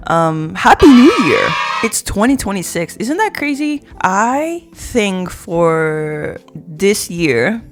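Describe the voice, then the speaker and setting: A young woman with a sore throat and hoarse voice, chatting casually in a vlog, rambling and teasing herself in a playful way. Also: sits low. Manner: rambling, playful, self-mocking. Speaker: YouTuber.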